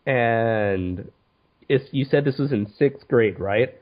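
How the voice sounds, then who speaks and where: A young man co-hosting a podcast on a headset, talking in a halting way and stopping to ask questions. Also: medium pitch. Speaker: podcast co-host. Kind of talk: casual chat. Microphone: headset on a voice call. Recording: muffled lo-fi call audio.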